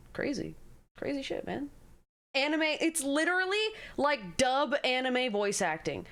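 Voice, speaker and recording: A woman's voice: fairly high pitch, lively intonation, takes it slowly, a bit bright. Ranting, profane young woman streamer. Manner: blunt, profane, ranting and exasperated. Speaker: streamer reacting to a game show. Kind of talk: livestream reaction rant.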